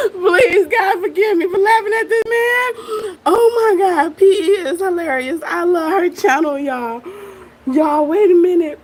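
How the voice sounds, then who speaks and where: A woman's voice: very high voice, a little slow, slight background noise. A woman hosting a reaction video, talking straight to viewers in casual slangy chat. She laughs often and curses freely. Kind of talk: casual commentary on a viral clip.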